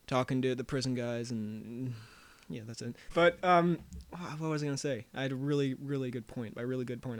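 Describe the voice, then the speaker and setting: A young man co-hosting a podcast, rambling through quick reviews with self-mocking jokes and frequent laughs. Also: medium pitch, no room sound. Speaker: podcast co-host. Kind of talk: casual chat, quick reviews.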